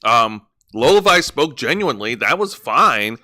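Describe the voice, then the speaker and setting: Lively, bright-voiced man rambling in casual chat. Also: medium pitch, a little slow. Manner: rambling, many restarts and "like" fillers. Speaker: wrestling review co-host.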